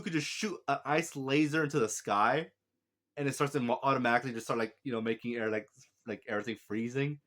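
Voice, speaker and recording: A man's voice: mid-range voice, fast talker, a bit bright. A man giving a casual, rambling spoken movie review, often laughing and correcting himself.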